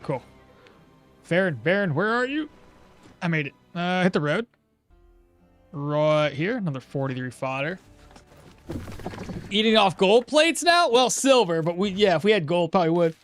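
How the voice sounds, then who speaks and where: A man's voice: sits high, big pitch swings, unhurried, soft background music. A young man streaming a game, chatting casually and answering viewers' questions as he plays. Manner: chatty, answering chat questions while playing. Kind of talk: casual live-stream commentary.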